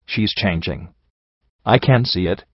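A man's voice: fairly low pitch, unhurried, breathy edge, no echo, highs cut off. A man reading the worried young mare Glory in an audiobook, anxious and earnest.

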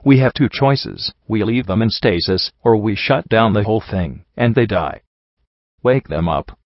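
A man's voice: on the low side, animated, unhurried, no echo. A man voicing a blunt, weary male pony companion with a dry delivery, recorded dull and dry. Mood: grim.

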